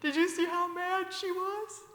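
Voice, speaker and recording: A woman's voice: extremely high pitch, fairly even intonation, a little slow, fairly bright tone, pitched above the performer's own voice. A woman voicing her teasing, smug father as a grown man, in an echoey church hall.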